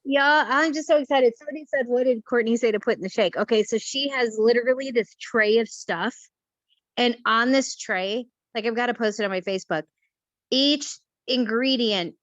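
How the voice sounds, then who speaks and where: A woman hosting a casual group video call, talking in an excited, rambling way with lots of fillers. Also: medium pitch, no echo. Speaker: host. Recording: dull lo-fi video call audio.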